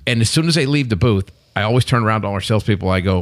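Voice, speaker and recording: Fast, lively, gravelly-voiced man telling stories. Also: on the low side. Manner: animated storyteller, acts out quotes, says "okay" a lot. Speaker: podcast guest, company CEO. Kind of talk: casual chat, animated storytelling.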